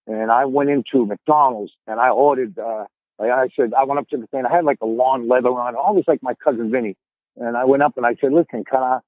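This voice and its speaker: A man's voice: medium pitch, no room sound, phone-quality sound. Boston guy in his 50s just rambling through stories, repeats himself a lot, sounds thin and phoney, real dry. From Boston area, USA. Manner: rambling, repeats words as he starts sentences. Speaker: podcast guest. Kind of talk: casual storytelling chat.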